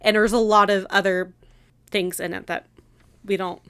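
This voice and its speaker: A woman's voice: medium pitch, level tone, moderate pace, fairly bright tone, clean tone. A woman co-hosting a history podcast, chatty and enthusiastic with frequent laughs. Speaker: podcast co-host. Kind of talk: casual history podcast chat.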